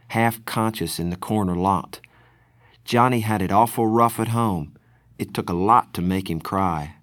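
A man narrating a novel in the first person, in a measured, deliberate storytelling manner. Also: on the low side, no echo, studio quality. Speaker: audiobook narrator.

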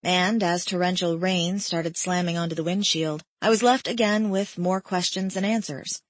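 A woman narrating a novel in the first person with an intimate, measured delivery. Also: fairly low pitch, slightly rough, dry recording. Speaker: audiobook narrator. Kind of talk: scripted narration.

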